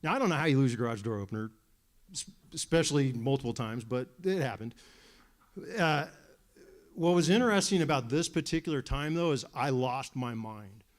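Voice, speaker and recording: A man's voice: mid-range voice, expressive, a little fast. Man telling a candid church testimony. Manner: candid storytelling with frequent restarts. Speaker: church member giving a testimony. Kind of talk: personal testimony at a church service.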